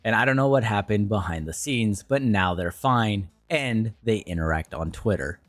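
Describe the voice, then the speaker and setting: A man's voice: fairly low pitch, lively intonation, normal speed, no room sound. Young guy streamer going off bluntly, cussing a lot, dry close mic, bit of music behind. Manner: blunt, ranting, profane. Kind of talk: casual stream commentary.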